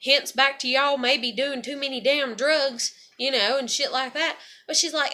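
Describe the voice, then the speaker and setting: A woman's voice: high-pitched, unhurried, few pauses, pushed and bright, a little hiss or hum. A woman, venting bluntly in a raw, profane, heartfelt monologue. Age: 30s. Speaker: vlogger.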